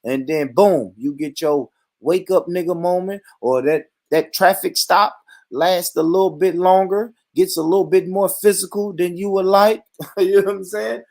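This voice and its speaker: A man's voice: sits high, normal speed, a little mellow. Blunt African American man hosting. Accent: African American English. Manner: blunt, emphatic, heavy profanity. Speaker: host. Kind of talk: casual talk-show discussion.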